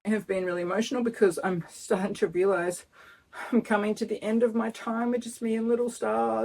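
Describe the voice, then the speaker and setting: Woman, 50s, husky, gravelly, earnest and tearful vlog talk. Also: fairly high pitch, level tone, brisk, darkish tone. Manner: emotional, earnest, close to tears. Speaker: vlogger. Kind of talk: casual pregnancy update vlog. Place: outdoors in front of her house.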